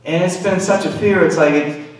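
A man's voice: high voice, fairly even intonation, moderate pace. A man preaching a conversational sermon, talking candidly and confessionally, peppered with "you know". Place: church sanctuary. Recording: echoey hall, voice far from mic.

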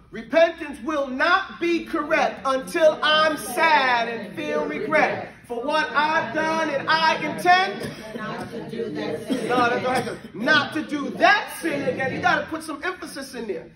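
A man's voice: very high-pitched, lively intonation, a little slow, a loud crowd. A man teaching a religious class, checking in with his students and chanting verses to drill them. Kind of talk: interactive classroom lesson. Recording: echoey room from a distant mic.

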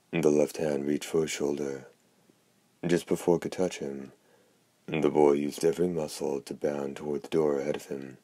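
A man narrating an audiobook in a steady, even reading voice. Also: a bass voice, moderate pace, no echo. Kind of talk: scripted narration.

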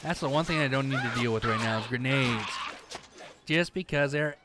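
A man's voice: mid-range voice, normal speed. A man doing let's-play commentary, sarcastic and swearing, talking back at the game. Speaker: gamer playing through a game. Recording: noisy with clicking sounds.

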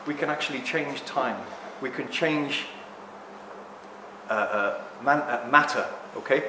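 A man giving a rambling, joking live talk to an audience, speaking loudly without a microphone. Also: medium pitch, measured pace. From Greek heritage. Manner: jokey, rambling, loud. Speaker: guest speaker. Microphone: no microphone, room recording. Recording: echoey room with background noise.

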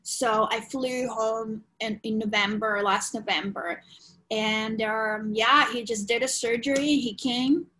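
A woman, a podcast guest frankly telling a personal story in animated, loose English. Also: on the high side, a little slow, low-quality recording. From Ukraine. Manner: animated, frank, swears casually, non-native grammar.

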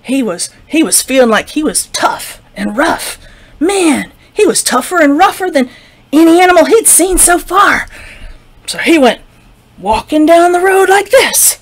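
A woman librarian telling a folktale to children, expressive, with whispers and sound effects. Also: high-pitched, unhurried. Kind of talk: children's storytime narration.

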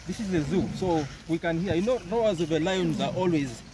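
A man's voice: fairly high pitch, brisk. A man from Uganda with a Ugandan accent, working as a tour guide and explaining animals outdoors at a zoo, often checking in with "okay?". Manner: explanatory, repeats key points, asks "okay?" often. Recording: noisy outdoor recording. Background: outdoor ambience, animal sounds.

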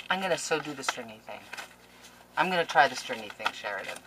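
A middle-aged woman, opening mail on camera in a casual vlog, gushing and excitable. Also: rumbling low, fast talker, background noise. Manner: gushing, excitable, laughs and gasps often. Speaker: crafting vlogger.

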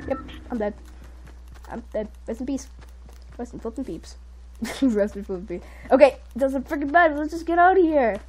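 A woman giving excitable live commentary while playing a video game, jumping between panicked outbursts and quiet muttering. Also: sits high, normal speed, long pauses, slight background noise. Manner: says "dude" and "frick" a lot. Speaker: gaming video creator.

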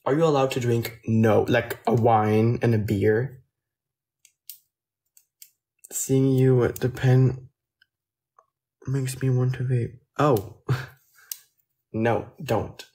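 An unhurried man with a French accent talks on a phone livestream, taking his time between words. His speech is soft and halting, with a mid-range pitch, and he often trails off as he answers viewer comments. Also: steady tone. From France. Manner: soft-spoken, hesitant, trailing off. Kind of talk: casual livestream chat.

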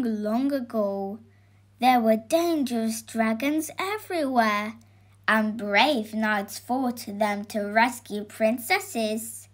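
A woman narrating a children's storybook, slow and clear. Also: on the high side.

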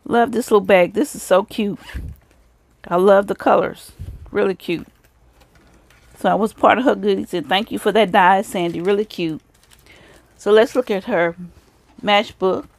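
A woman's voice: medium pitch, steady tone, normal speed, pauses often, no echo. Woman gushing over craft items, dry close sound. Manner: gushing, repeats praise often. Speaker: craft video host. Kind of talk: casual show-and-tell of craft swap items.

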